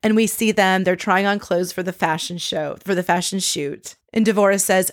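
A woman's voice: mid-range voice, steady tone, normal speed, few pauses, no echo, studio quality. A woman hosting a casual, chatty recap with wry, sarcastic asides. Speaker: podcast host recapping a reality show.

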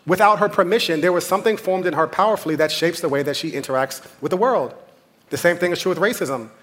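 An American man preaches from the pulpit in a voice a little higher than most men's. He talks to his congregation like they are friends, then presses harder, repeating words and phrases to drive each point home. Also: a bit bright. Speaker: pastor. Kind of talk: sermon.

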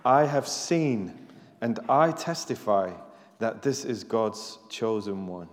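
A man preaching a sermon as pastor, animated and rising to loud emphasis on his questions. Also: on the low side, slow. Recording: live church recording with long hall reverb.

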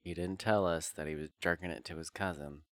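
A man's voice: low voice, fairly quick, no room sound, studio quality. A man co-hosting a podcast, giggling through crude banter. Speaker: podcast co-host. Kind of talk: casual chat.

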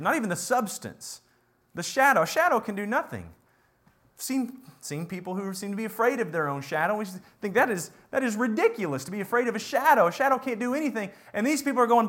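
Male preacher, higher voice, reads verses then expounds, lively delivery. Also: brisk. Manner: reads scripture aloud and explains it, voicing God and the people in quotes. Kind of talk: sermon.

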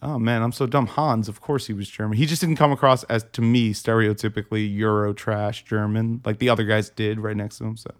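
A man co-hosting a casual film podcast, talking bluntly, swearing often and quick to agree. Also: lowish voice, fairly even intonation. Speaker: podcast co-host.

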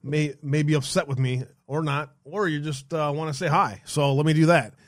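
A man's voice: fairly high pitch, fairly even intonation, moderate pace, no room sound, studio quality. Laid-back profane male talk host. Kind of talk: casual radio show hosting.

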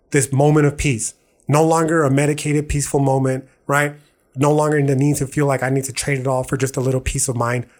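A man, hosting a podcast and telling a personal story in casual, confessional talk full of slang and restarts. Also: fairly high pitch. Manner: casual slangy talk, says "dog" and "bro" often; earnest, confessional, with many restarts. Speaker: podcast host.

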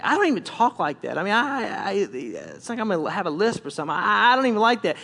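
High-voiced candid male pastor. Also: very animated, fast, few pauses, fairly bright tone. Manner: candid, conversational, with frequent restarts. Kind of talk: sermon.

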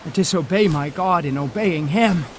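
An actor playing a worried, pious first mate on a whaling ship in an audio drama, grave and pleading, over loud music. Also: male voice, on the high side, normal speed, slight background noise, lightly acted. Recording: loud music bed under the voice.

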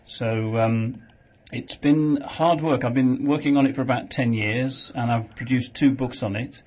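An earnest male author being interviewed on the radio. His voice is husky and even, and he lays out the details patiently. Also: medium pitch, unhurried. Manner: earnest, explanatory. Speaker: author guest.

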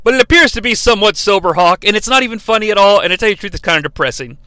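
A man's voice: high-pitched, expressive, racing, pushed and bright, clean tone, dry recording. A man hosting a podcast, recapping wrestling in a sarcastic, jokey way with many asides. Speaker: podcast host. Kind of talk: comedic recap narration.

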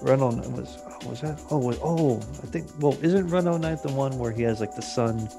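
A man's voice: medium pitch, moderate pace, gravelly, over music. A man co-hosting a casual comedy podcast, rambling through jokes and acting out silly quoted voices. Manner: rambling, jokey, does silly mock voices. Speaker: podcast co-host.

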